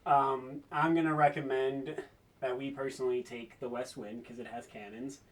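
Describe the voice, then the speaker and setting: A man playing in a tabletop game, assertive and quick to argue. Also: mid-range voice, steady tone, fairly bright tone. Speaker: player. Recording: distant mic.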